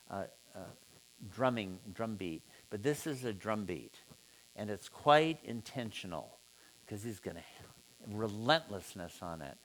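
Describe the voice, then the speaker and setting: A man leading an informal seminar, musing aloud and putting questions to his students in a relaxed way. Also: on the low side, slight background noise. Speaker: seminar teacher.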